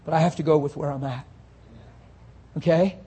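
A male pastor preaching a sermon, forceful and confrontational, often breaking into shouts. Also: on the high side, fairly even intonation, normal speed, breathy edge.

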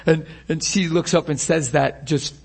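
A man's voice: fairly high pitch, normal speed, gravelly, a little mellow, breathy edge. A man preaching a sermon with passion, firing rhetorical questions and acting out the scenes he describes.

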